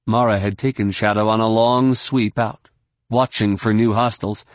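Man, audiobook narrator, brisk steady storytelling, dry close recording. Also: on the low side, dry recording. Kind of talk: scripted narration.

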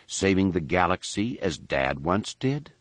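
A man voicing a young Jedi older brother who lectures quietly and sarcastically. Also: deep voice, very animated, a little slow, no echo. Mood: lecturing.

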